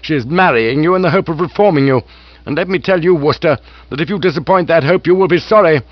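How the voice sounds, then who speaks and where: A man voicing a hulking, bullying aristocrat who speaks with loud contempt and menace. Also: on the high side, quick pace, muffled recording, voice pushed up, close to an everyday voice. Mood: menacing.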